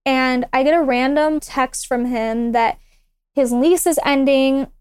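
High, smooth-voiced young woman telling a story. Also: measured pace, no room sound. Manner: animated, acts out quoted dialogue. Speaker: guest. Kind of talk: casual storytelling.

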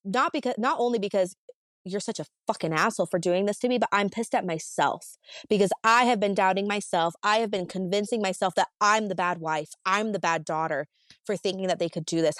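A woman guest on a podcast tells her story in casual talk. She gets animated and acts out both sides of an argument, with a mid-range voice. The sound is dry and close. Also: mid-range voice, no echo.

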